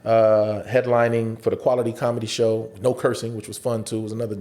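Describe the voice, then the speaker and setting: A man, an actor and stand-up comedian, telling stories as a guest in a casual interview, animated and profane, often acting out other people's voices. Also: on the low side, fast talker.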